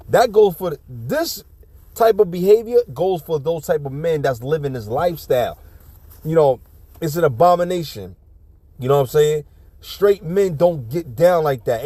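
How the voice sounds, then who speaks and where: A man's voice: a little high, warm tone, no echo. A man giving casual ranting commentary on a video clip, blunt, profane and preachy, often restarting his sentences.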